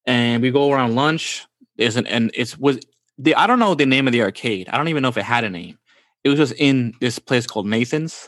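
A man in his forties from New York's Bronx spins childhood tales in a laid-back, slang-heavy way, frequently saying "bro." His mid-pitched voice is animated, fairly bright and a little fast, close and dry with no echo.

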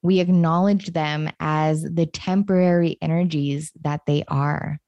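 Woman podcast host, solo monologue; slow, reflective, slightly low voice, dry close sound. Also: steady tone, no room sound, lo-fi sound. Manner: reflective and unhurried, with gentle stresses.

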